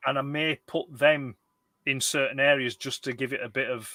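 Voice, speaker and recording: Man, casual toy chat, bright tone, dry close sound, rambling. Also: mid-range voice, fairly even intonation, moderate pace, no echo. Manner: rambling, with many restarts. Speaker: co-host of a toy collector chat.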